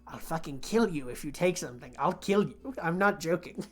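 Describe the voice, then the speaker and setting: Prickly old lady gatekeeper, calls you dearie, curt, done by the game master, middle pitch. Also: animated, brisk, fairly bright tone. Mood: threatening. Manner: curt and mock-sweet, calls people dearie. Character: prickly old woman gatekeeper, sharp-tongued and teasing. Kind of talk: voicing a character in a tabletop game.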